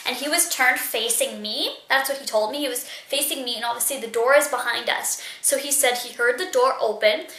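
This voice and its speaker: A young woman is chatting through a story for her vlog, filling it with "like" and "um". Her voice is bright and sits a little high. The sound bounces around an echoey room. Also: brisk, hardly any pauses. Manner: chatty, lots of fillers. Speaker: vlogger. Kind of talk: casual storytelling.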